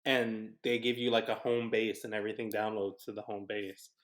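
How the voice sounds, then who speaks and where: A man's voice: on the low side, completely flat delivery, moderate pace. A young man co-hosting a podcast, chatting enthusiastically and rambling off track. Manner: enthusiastic, rambling, loses his train of thought. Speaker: podcast co-host. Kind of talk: casual chat.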